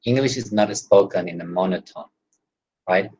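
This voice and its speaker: A man's voice: low-pitched, normal speed, a little mellow, a little hiss or hum, rough recording. A man teaching English in an online class, explaining at length and tagging his points with "right?" and "you know".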